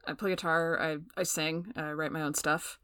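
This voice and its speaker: Casting note: a timid young guitarist girl, voiced by a woman, low-pitched and dry. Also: fairly even intonation, normal speed, clear, resonant tone, dry recording. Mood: shy. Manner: soft, hesitant.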